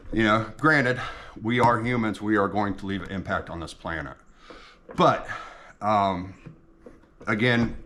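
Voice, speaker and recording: A man's voice: lowish voice, fairly bright tone. A man, chatting casually and rambling to the camera, with lots of ums and restarts. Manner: folksy, digressive, frequent ums and restarts. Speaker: home ethanol maker vlogger.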